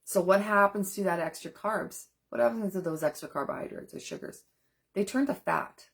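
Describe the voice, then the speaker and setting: A woman's voice: mid-range voice, moderate pace, husky. A woman who works as a nutrition coach, chatting earnestly and straight to viewers on a live stream and answering their comments. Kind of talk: casual live-stream chat.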